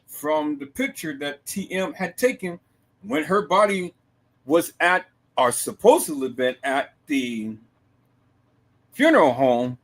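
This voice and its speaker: A man hosting a live stream, giving emphatic commentary to his viewers, dropping to low murmurs and rising to shouted outbursts. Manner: emphatic, repeatedly addresses viewers as "peoples".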